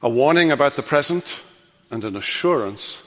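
Older guy preaching in a church, goes loud then drops to a hush, echoey hall. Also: mid-range voice, lively intonation, normal speed. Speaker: pastor. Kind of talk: sermon. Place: church sanctuary.

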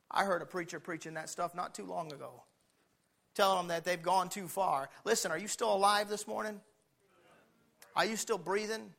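A man preaching a sermon as pastor, fiery, swinging from quiet talk to shouting. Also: high voice, moderate pace, creaky.

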